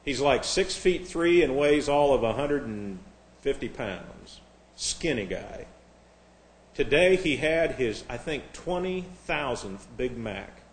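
A man's voice: medium pitch, expressive, slow pace. A man preaching a sermon in a sarcastic, mocking way. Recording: echoey room.

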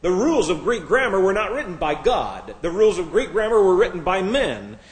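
Male preacher, fairly high voice, mocking sermon delivery, echoey room. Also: big pitch swings, fairly quick. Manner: sarcastic, mocking.

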